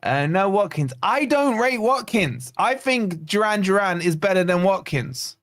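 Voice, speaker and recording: A man's voice: sits high, lively intonation, a little slow, a bit bright. A man hosting a live fan watch-along stream, reading out chat comments with chatty, teasing banter. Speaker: fan channel host.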